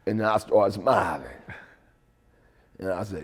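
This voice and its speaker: A man sits for an interview and tells his story in a loose, easygoing way, dropping "right?" and "man" between phrases. His voice sits at an ordinary pitch for a man. The room carries a long reverb tail. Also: unhurried, dark tone. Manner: laid-back, repeats "right?" and "man". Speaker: interview guest.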